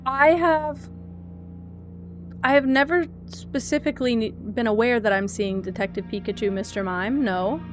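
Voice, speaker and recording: Excitable young woman streamer, bright voice. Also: on the high side, moderate pace, soft background music. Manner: excitable and gushing, swings between loud squeals and soft teary asides. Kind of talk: casual live-stream chat.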